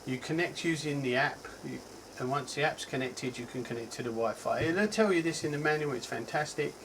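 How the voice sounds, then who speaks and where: Reviewing a gadget in a loose, chatty style, a Cockney tech reviewer from England keeps saying um and correcting himself as he rambles. His mid-range, slightly bright voice moves a little fast. The recording is low-quality with a faint background hiss.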